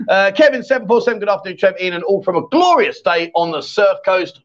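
A man with a notably high voice hosts a loose live chat show, reading viewer messages and teasing his co-host. His banter is cheeky and full of laughter. The stream audio sounds dull and lo-fi. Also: expressive, fast.

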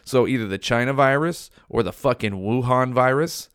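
A man's voice: mid-range voice, moderate pace, fairly bright tone, clear, resonant tone, dry recording, studio quality. A young man hosting his own podcast, ranting bluntly and swearing constantly in a casual solo monologue. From California. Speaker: podcast host.

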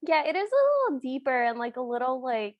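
A woman co-hosting a podcast, chatting playfully with quick deadpan quips and laughs. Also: high-pitched, no room sound, dull audio. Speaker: podcast co-host. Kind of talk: casual podcast chat.

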